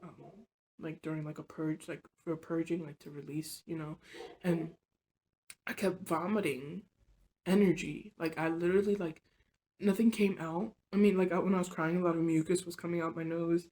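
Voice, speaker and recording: A woman telling a personal story on her vlog, rambling and confessional, filling her talk with "like" and "you know" and often sinking soft and low. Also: fairly even intonation, moderate pace. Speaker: vlogger.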